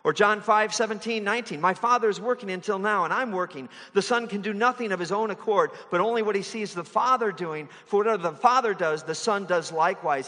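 A man's voice: sits high, bright, forceful tone. Man preaching in a reverberant hall. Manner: conversational preaching with rhetorical questions. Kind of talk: sermon.

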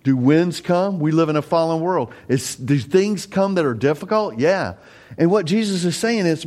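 A man's voice: fairly high pitch, animated, moderate pace, a little mellow. A middle-aged male pastor delivering a sermon in an earnest, conversational tone. He talks plainly to his listeners, then lifts his voice sharply to drive a point home. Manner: earnest, conversational preaching with emphatic rises.

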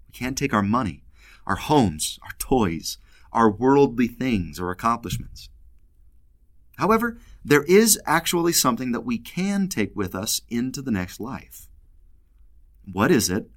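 Lively, playful male scripture teacher. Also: fairly low pitch. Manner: lively, playful, acts out dialogue with humor. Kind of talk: casual scripture lesson.

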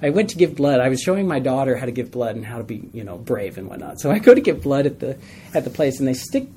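A man's voice: medium pitch, big pitch swings, fast, warm tone, slight background noise. A man teaching a Bible study in a conversational way, asking his group questions and telling stories with a laugh.

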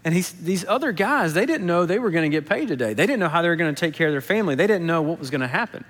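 A man preaches in a relaxed, storytelling way, his voice sitting a little high for a man. A long reverb from a large hall trails every phrase. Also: very fast. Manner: casual storytelling, acts out quotes. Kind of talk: sermon. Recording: echoey hall.

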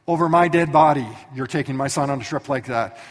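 A preacher putting on a protective, suspicious mother with a raised voice who fires off sharp questions. The voice is husky and echoes through a large hall. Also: high-pitched, expressive, very fast, pitched above the performer's own voice. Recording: echoey hall from some distance.

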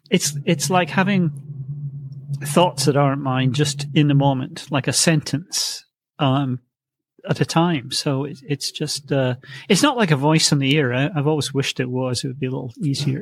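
A man's voice: mid-range voice, no room sound. A middle-aged man guesting as a psychic, telling his story in a hesitant way, with many fillers, restarts and wry chuckles. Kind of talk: conversational storytelling.

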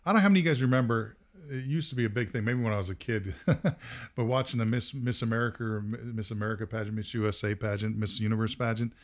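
A man's voice: lowish voice, quick pace. A middle-aged man hosting a podcast, telling a story in casual talk, laughing often and acting out quotes. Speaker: podcast host.

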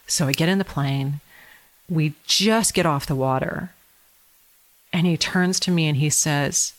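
A middle-aged woman telling her life story as a podcast guest, animated and laughing often. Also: low voice, measured pace, long pauses. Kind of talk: conversational storytelling.

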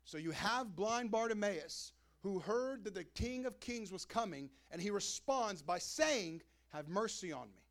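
A young man delivers a sermon as pastor in a loose, conversational style. His voice sits high for a man and carries a gravelly, creaky texture. He talks to the congregation like friends. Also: expressive, unhurried, hardly any pauses, a bit bright. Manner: casual preaching, acts out crowd and Jesus in quoted voices.

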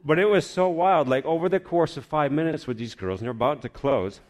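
A man preacher telling a personal testimony as a lively storyteller, often sinking into a hushed, low voice. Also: fairly quick.

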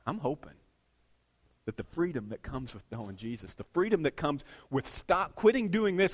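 A middle-aged man preaching a sermon as pastor, telling everyday stories and swinging between hushed remarks and loud, emphatic lines. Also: fairly high pitch, expressive, moderate pace.

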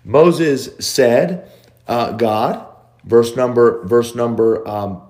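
A man's voice: mid-range voice, darkish tone. A man preaching a sermon, repeating phrases for emphasis. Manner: slow, drawn-out delivery with repeated phrases for emphasis.

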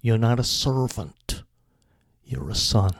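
A man reading the lines of a gentle, forgiving father in a parable, speaking softly and a bit lower. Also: slow, dry recording, studio quality, lightly acted. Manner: soft, gentle.

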